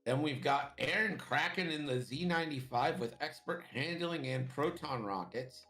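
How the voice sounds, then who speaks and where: A man with a fairly high, lively voice co-commentates a casual game broadcast. He reads through the details in a steady rundown, with faint music under him. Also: moderate pace, echoey room.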